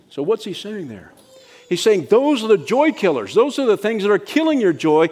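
A man's voice: high-pitched, sing-song, moderate pace, a little mellow. A middle-aged man preaching a sermon as pastor, talking in a conversational, practical way and checking in with "right?" asides.

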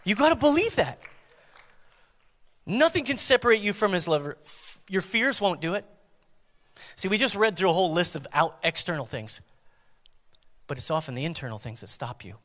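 Male pastor, dynamic sermon delivery, loud to hushed, high-pitched voice. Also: in a large hall.

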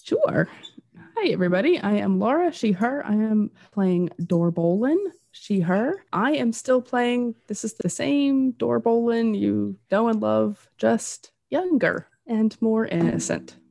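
A woman's voice: fairly high pitch, animated, a little slow, vocal fry, warm tone, no room sound, studio quality. A woman playing a tabletop role-playing game, chatting in a friendly way. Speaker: player. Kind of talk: casual game chat and in-character talk.

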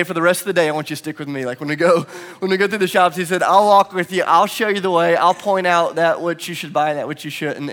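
Pastor, male, 30s, slightly high voice, self-mocking storyteller preaching to a congregation. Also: a bit bright. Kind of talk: sermon. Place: church hall.

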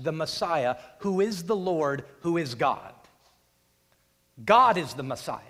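Male pastor, dramatic sermon delivery, acts out voices, lively high pitch, long hall reverb. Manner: dramatic storytelling, acts out voices, builds to loud peaks.

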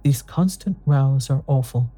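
A narrator voicing a weary, unhappy husband who answers quietly and steadily. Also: mid-range voice, unhurried, slightly rough, faint music behind. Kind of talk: audiobook dialogue reading.

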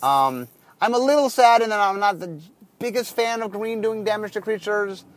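A man's voice: sits high, normal speed. A man who designs card games, talking through his work in a casual monologue, often restarting and correcting himself mid-sentence.

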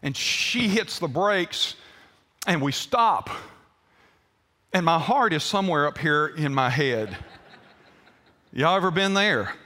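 A man's voice: fairly high pitch, expressive, slow, pauses often, pushed and bright, big-room sound. A male pastor, preaching an emphatic, story-driven sermon in a church.

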